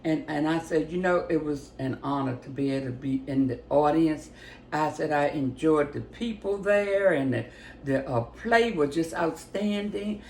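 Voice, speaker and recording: An older woman tells a personal story in a relaxed, chatty way, her voice leaping high whenever she acts out the people in it. The recording sounds roomy, and a faint noise runs underneath. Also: normal speed. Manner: animated retelling, acts out the voices in her story with big pitch jumps. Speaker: storyteller giving a personal testimony. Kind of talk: casual spoken testimony.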